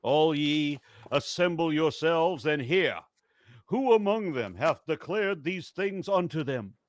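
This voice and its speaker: A solemn Southern preacher, as a man puts him on intones scripture slowly, his voice sinking deep and hushed at the close of each phrase. The delivery is dry and close, with no room around it. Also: expressive, no room sound. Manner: slow solemn intoning, dropping low and soft.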